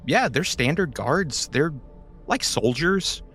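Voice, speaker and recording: A man narrating as game master of a tabletop game, with slow, dramatic storytelling. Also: a little high, lively intonation, fairly bright tone, soft background music.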